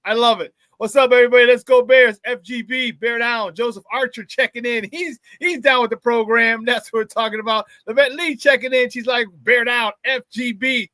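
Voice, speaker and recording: A man hosting a live sports talk show, hyped and loud, with casual slangy banter as he reads out chat shout-outs. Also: very high voice, fairly even intonation, a little fast, hardly any pauses, no room sound.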